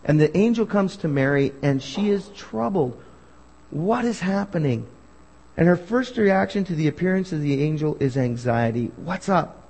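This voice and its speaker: Husky preacher in an echoing hall. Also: male voice, fairly high pitch, normal speed, few pauses. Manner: animated, addresses the congregation with questions. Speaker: pastor. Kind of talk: sermon. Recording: hall reverb.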